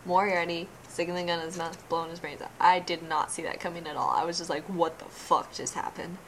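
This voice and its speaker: A woman's voice: on the low side, flat delivery, quick pace, low-quality recording. Gushing young woman with faint hiss. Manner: gushing, emotional, trailing off mid-sentence. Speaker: vlogger. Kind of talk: casual reaction vlog.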